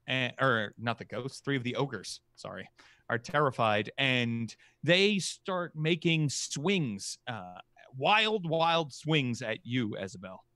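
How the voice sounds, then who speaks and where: Bright-voiced male game master. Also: mid-range voice, dry recording. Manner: casual, lively narration with many fillers. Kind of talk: narrating a tabletop game.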